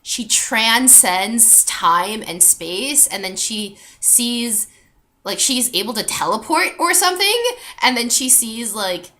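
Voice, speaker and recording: A woman's voice: a little high, lively intonation, slow pace, pushed and bright. A young woman ranting in a vlog, exasperated and full of fillers and swearing. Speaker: vlogger. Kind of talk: movie rant vlog.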